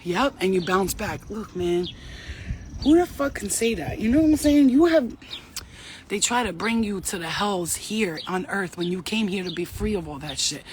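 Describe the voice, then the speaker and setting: A woman's voice: mid-range voice, animated, moderate pace, slight background noise. Blunt, profane woman giving a spiritual pep talk. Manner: blunt, profane, slangy and fired-up. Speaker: spiritual reader. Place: outdoors walking a dog.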